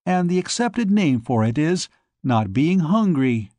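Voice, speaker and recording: A blunt, sardonic man who mocks with a straight face, as a man reading an audiobook plays him. The voice is a touch high and the sound is dry and close. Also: sing-song, a little slow, dark tone, no echo. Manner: blunt and mocking. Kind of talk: audiobook character voice.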